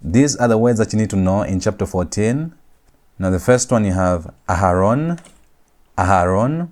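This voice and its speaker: A man teaching a Hebrew grammar lecture, repeating each phrase slowly and stressing key words for his students. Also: fairly low pitch, expressive, a little mellow. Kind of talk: recorded classroom lecture.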